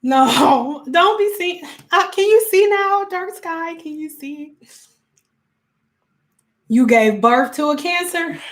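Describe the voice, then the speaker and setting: A woman hosting a livestream, chatting casually with viewers and answering their comments. She laughs often and acts out quick voices when she quotes people. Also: extremely high pitch, animated. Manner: laughs often while talking. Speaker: livestream host talking to viewers.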